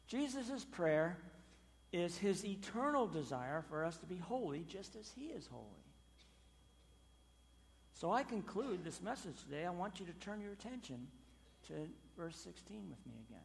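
A male pastor delivering a sermon in a church. His fairly high voice is emphatic, surging on key words and then sinking low and quiet. A long reverb from the large hall trails after every phrase. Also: very animated, moderate pace, vocal fry. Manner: emphatic, swinging between loud stresses and quiet drops.

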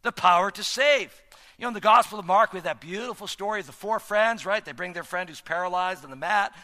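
A man preaches in a strikingly high, bright voice that rises and falls with lively energy. He swings between loud, shouted emphasis and near-whispered, slowed phrases. A long reverb trails each line, as in a large sanctuary. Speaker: pastor. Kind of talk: sermon.

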